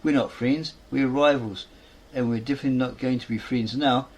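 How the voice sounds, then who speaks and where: A man's voice: mid-range voice, fairly even intonation, normal speed, a little mellow, close to an everyday voice. A man reading the lines of a scornful young actress who sneers at her rival. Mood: indignant. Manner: indignant, accusing.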